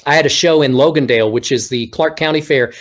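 A middle-aged man from Texas, a ventriloquist guest on a video-call interview, telling stories in a casual, animated way and acting out quoted speech. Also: mid-range voice, fast talker.

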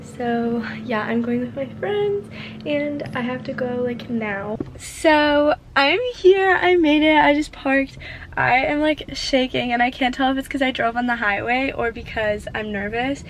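A woman's voice: sits high, measured pace, slight background noise, poor audio. A young woman talking casually to her viewers from a parked car, chatty and nervous, with lots of "like". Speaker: vlogger. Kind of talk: casual vlog chat.

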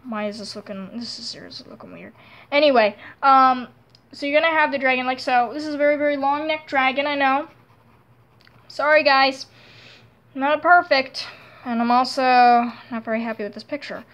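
A young woman giving a casual, rambling drawing tutorial, self-deprecating and quickly frustrated with her own sketch. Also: high voice, a bit bright.

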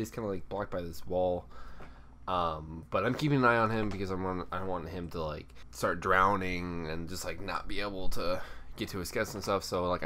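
A young man from Texas casually telling a story from his restaurant job, animated and acting out the people in it. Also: deep voice, slight background noise. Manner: animated, acts out coworkers and guests in quick put-on voices. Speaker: YouTuber telling a work story.

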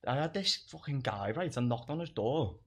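A young man spins stories in easy, casual chat. He swears freely and laughs as he goes, in a mid-pitched voice. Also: lively intonation, normal speed, a bit bright, husky. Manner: swears a lot, laughs through his stories. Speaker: guest comedian.

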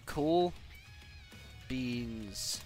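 Animated man streaming a game. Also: medium pitch, drawn-out words. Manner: jokey, sarcastic, animated, bursts of exclamations. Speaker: live-streaming gamer. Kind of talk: live gameplay commentary. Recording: faint music in the background.

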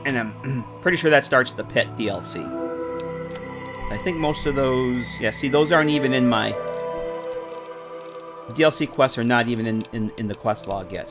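A man casually streaming a game, rambling with lots of fillers and chatting with viewers. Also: medium pitch. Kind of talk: casual live-stream commentary.

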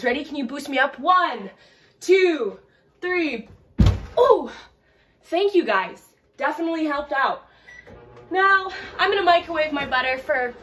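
A bubbly young woman leads a cooking demo for children with a fairly high voice. She jokes and teases and talks straight to the kids watching at home. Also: a bit bright, slight background noise. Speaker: children's ministry cooking host.

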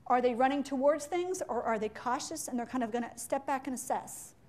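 A woman leading a live leadership and sales workshop in a meeting room, chatty and playful, with quick asides and acted-out examples. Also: sits high, darkish tone. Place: meeting room with window blinds.

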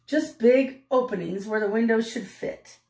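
An older woman reading a picture book aloud in a gentle way, pausing to ask the listener questions. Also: a little high, creaky. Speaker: storyteller. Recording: roomy echo.

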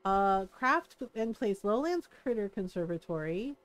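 A woman's voice: medium pitch, very animated, unhurried, soft background music. A woman streaming a game live, bubbly and giggly, rambling and joking at her own expense. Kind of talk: live gameplay commentary.

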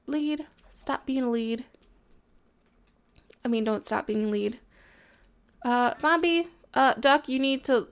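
A young woman casually commentating her own video game play, playful and excitable, chatting to the animals on screen. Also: on the high side, clean tone. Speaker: gameplay commentator.

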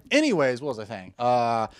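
Man, comedy podcast co-host, lively swinging pitch, dry close sound, loose joking riffs. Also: moderate pace, dry recording. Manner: loose, joking, acts out scenes. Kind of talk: casual comedic chat.

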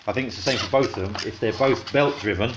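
A vlogger with a fairly low voice talks fast and casually, explaining as he unboxes and assembles a scooter with his child at home. The audio is dull and lo-fi, with steady noise.

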